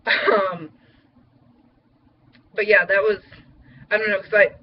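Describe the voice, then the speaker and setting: A woman's voice: mid-range voice, steady tone, slow pace, muffled recording, slight background noise. A young woman chatting casually in a vlog update, rambling with lots of fillers. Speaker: vlogger.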